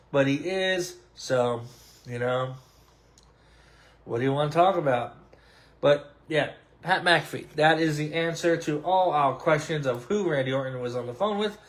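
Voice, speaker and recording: Animated hoarse-voiced man hosting. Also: fairly high pitch. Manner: animated, dramatic stretched emphasis. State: voice cracking, hoarse. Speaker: podcast host. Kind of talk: casual sports and wrestling talk. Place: home room at a computer. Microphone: desk microphone.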